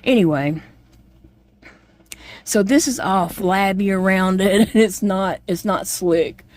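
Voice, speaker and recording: A woman's voice: mid-range voice, slow pace, darkish tone, dry recording. A middle-aged woman, telling her own story in a casual vlog chat, plainspoken and rambling with many fillers. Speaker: chronic illness vlogger.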